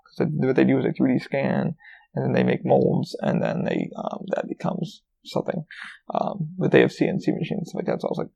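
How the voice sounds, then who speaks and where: Gravelly, profane man rambling casually. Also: medium pitch, very animated, a little fast, dark tone. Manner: rambling, profane, frequent fillers and restarts. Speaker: podcast host. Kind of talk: casual solo podcast rant. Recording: dull lo-fi recording.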